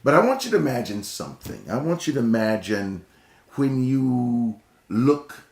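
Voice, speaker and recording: A man's voice: mid-range voice, very animated, moderate pace, gravelly, darkish tone, roomy sound. A man from Northeast Ohio with a slight Texas drawl, giving an emphatic motivational talk and often repeating words. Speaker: speaker.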